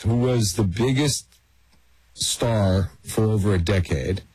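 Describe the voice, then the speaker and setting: A man guest on an interview, telling lively anecdotes and often laughing as he talks. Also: on the low side, takes it slowly, slightly rough, no room sound, poor audio. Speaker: actor guest.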